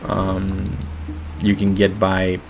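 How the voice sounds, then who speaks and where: A man giving monotone, hesitant game walkthrough commentary with many fillers. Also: deep voice, extremely slow, gravelly, slight background noise.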